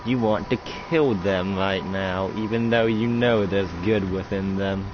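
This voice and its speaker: A man doing a lecturing ghost commander in a put-on Russian accent, low and accusing. The sound is muffled and lo-fi, with loud noise underneath. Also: steady tone, unhurried. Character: ghostly male commander posing as a Russian leader, accusing and preachy.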